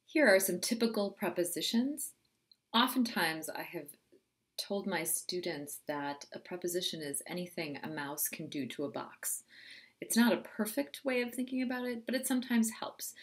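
A middle-aged woman, a writing teacher, narrating a scripted grammar lesson in a clear, teacherly way. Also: fairly low pitch. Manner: clear, expressive teacherly delivery.

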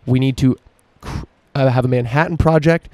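Dark, flat-voiced ranting male podcaster. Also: mid-range voice, moderate pace, no room sound. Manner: profane, emphatic ranting. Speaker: podcast host. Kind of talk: solo opinion podcast monologue.

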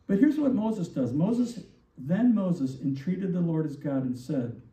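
Animated preacher in an echoey church. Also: male voice, fairly high pitch, a little slow. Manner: animated, rhetorical questions, acts out quoted lines. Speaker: pastor. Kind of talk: sermon. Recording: distant, roomy, dull church recording.

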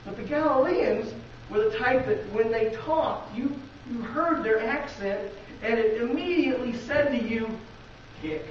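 Here a pastor preaches a sermon in a church with an extremely high-pitched voice, speaking a little slowly. He has a Midwestern American accent and talks conversationally, asking the congregation rhetorical questions. Audio is very echoey, distant and dull lo-fi, with a little hiss or hum.

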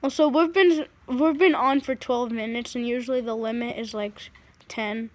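A woman chatting casually and boastfully while filming friends playing a video game, with loud bursts. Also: a little high, steady tone, normal speed, dry recording.

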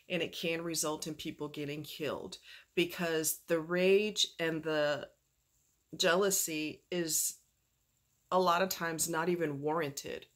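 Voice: medium pitch, steady tone, slow, fairly bright tone. A vlogger in a casual talking-head video, speaking candidly and emphatically with frequent fillers while in pain from a fractured ankle.

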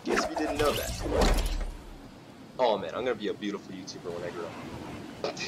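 A man's voice: lowish voice, animated, moderate pace, very noisy. A man doing casual, goofy gameplay commentary as a gaming YouTuber, a bit sick and coughing, sliding into silly voices. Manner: goofy, jumps into silly voices and off-key singing.

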